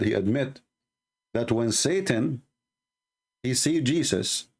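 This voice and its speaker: A man with an Arabic accent and Arabic as his first language, hosting a live debate show, arguing emphatically, repeating phrases and slowing down to stress points. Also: lowish voice, vocal fry, a little mellow.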